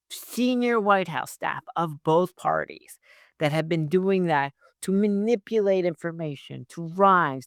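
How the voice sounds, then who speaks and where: A man's voice: on the high side, clean tone, no echo, clean studio sound. A man hosting his own show, giving a casual, rambling recap of a TV episode with frequent swearing. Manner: rambling, profane, conversational. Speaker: host.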